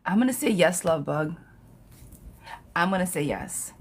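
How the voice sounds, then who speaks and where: A sassy, blunt woman gives a live tarot reading, swearing freely and chatting with viewers. Her voice sits low for a woman. Faint noise hums under the stream. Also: lively intonation, a little slow. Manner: chatty, laughs at her own jokes. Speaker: tarot reader.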